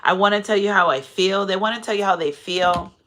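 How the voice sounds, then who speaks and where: A woman's voice: medium pitch, fairly quick, fairly bright tone, a little hiss or hum. A woman giving a casual spiritual card reading to her viewers. She talks in a chatty, digressive way, often asks "you know what I'm saying," and turns effusive and emotional when thanking them. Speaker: tarot card reader and channel host.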